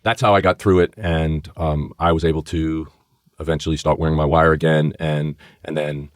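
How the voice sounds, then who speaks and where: A middle-aged man with a low, deep voice tells a story in conversation, slipping into voices for the people in it. The studio sound is dry and close. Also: level tone, normal speed, dry recording. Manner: vivid storyteller who acts out voices. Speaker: podcast co-host, former FBI agent. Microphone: studio microphone.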